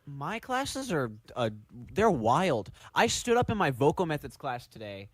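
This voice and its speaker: A young man on a podcast, casually telling animated stories and mimicking people. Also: unhurried, dry recording. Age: young adult. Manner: animated storyteller, mimics people in high voices. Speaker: podcast co-host, music student. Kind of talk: casual chat.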